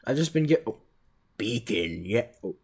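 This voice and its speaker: A young man chatting casually while playing a game with friends, excitable and swearing, yelping when in danger. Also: on the low side, moderate pace, husky. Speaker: video creator. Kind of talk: casual gaming chat.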